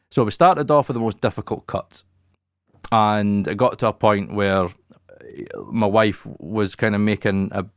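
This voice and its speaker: A man's voice: on the low side, dry recording, clean studio sound. A man hosting a podcast, talking openly and reflectively and swearing casually. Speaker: podcast host. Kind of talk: candid podcast talk.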